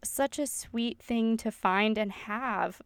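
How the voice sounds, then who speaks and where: A woman's voice: on the high side, slow pace, clean tone, no room sound, clean studio sound. A woman with a Southern American accent co-hosting a podcast, chatting in a gushing, friendly way and reading listener emails aloud. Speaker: podcast co-host. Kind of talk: casual chat.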